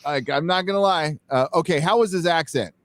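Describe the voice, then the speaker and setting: A man's voice: a little high, a little fast, no echo. An American man hosting a live-stream chat, talking in a blunt, rambling way with casual swearing. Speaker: host.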